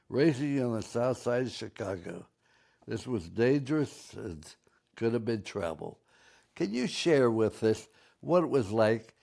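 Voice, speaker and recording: An older man, a football coach hosting an interview podcast, telling stories and asking questions with animated bursts. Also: medium pitch, gravelly. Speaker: show host, football coach.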